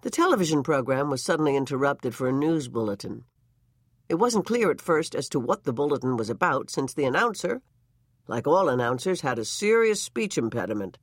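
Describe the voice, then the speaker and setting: Expressive storybook narrator. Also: mid-range voice, brisk, no echo, studio quality. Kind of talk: story reading.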